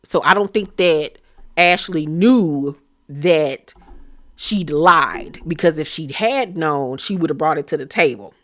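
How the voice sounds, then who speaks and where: A woman's voice: sits low, lively intonation, slow, fairly bright tone. A woman giving a sassy, blunt, slang-filled casual recap of a reality show, laughing as she rants. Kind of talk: casual gossip recap commentary.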